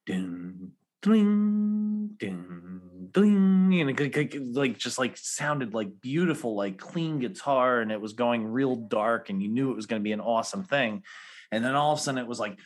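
A man in his forties co-hosting a podcast, chatting casually and telling stories with animated energy and easy laughter. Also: medium pitch, a little fast. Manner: animated storytelling, laughs easily. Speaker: podcast co-host. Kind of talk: casual chat.

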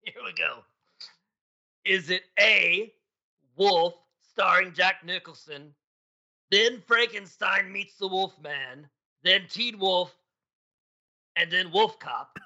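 A man's voice: high voice, slow pace, creaky, pauses often, sharp tone, dull audio, full character voice. A man playing a goofy male skeleton who hosts a trivia quiz, with jokey absurd asides. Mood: playful. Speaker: quiz host.

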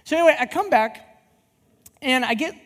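A woman's voice: sits high, moderate pace. A woman youth pastor giving a sermon, telling personal stories and acting out the dialogue. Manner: animated storyteller who acts out dialogue.

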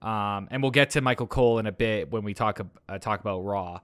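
A man's voice: fairly low pitch, a little fast, a bit bright, smooth, dry recording. A man co-hosting a wrestling podcast, talking in a hyped, loose, rambling way and swearing. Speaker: podcast co-host. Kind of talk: casual wrestling podcast chat.

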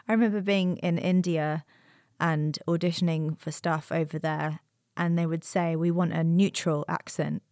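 A woman's voice: low voice, steady tone, unhurried, a little mellow, no echo, clean studio sound. A woman with a London accent co-hosting a podcast, chatting casually and responding supportively with laughs. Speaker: podcast co-host. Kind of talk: casual chat.

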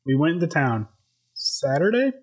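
A man with a somewhat husky, breathy voice that sits a little high, talking in loose, rambling podcast banter. He swears freely and laughs a lot as he tells his stories. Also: big pitch swings, moderate pace, poor audio. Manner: rambling, profane, laughs often. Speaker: podcast co-host and dungeon master. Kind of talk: casual chat.

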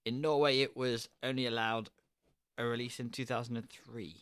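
A man's voice: medium pitch, little pitch movement, moderate pace, a bit bright, clear, resonant tone, no room sound, clean studio sound. Chatty man reading film facts. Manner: laughs often, reads facts from notes. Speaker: podcast co-host. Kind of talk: casual chat.

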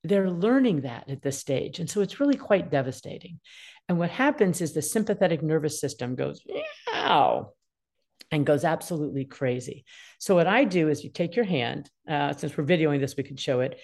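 Expressive woman in her sixties giving advice. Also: low-pitched, brisk. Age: 60s. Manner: expressive, acts out children's voices in quotes. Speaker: parenting expert guest. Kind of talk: casual advice talk.

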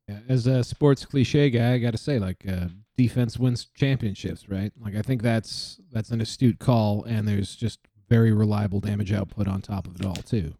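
Man, low mellow voice, dry close sound, joking, casual. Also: moderate pace, hardly any pauses, no room sound. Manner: joking, lots of "like". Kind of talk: casual chat.

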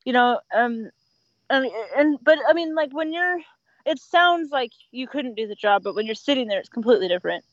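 A woman who works as an emergency dispatcher, chatting casually and telling animated stories, often laughing and acting out what callers said. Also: high-pitched, fairly quick, no echo, dull audio. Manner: animated storyteller, laughs often, acts out quotes. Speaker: 911 dispatcher. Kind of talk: casual podcast chat.

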